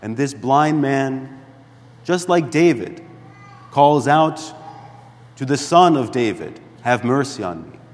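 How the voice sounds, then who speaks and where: A man delivers a sermon at a slow, measured pace, his mid-pitched voice carrying a long church reverb. He preaches deliberately, building to emphatic calls and sinking to quiet, hushed lines. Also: lively intonation. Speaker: priest.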